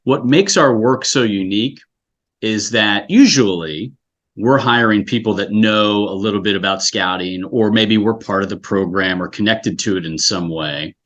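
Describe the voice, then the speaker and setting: A man's voice: fairly low pitch, moderate pace, fairly bright tone, dull audio. A man from South Florida, a scouting executive director, talking earnestly and reflectively in an interview, often restarting his sentences. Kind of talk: casual interview chat.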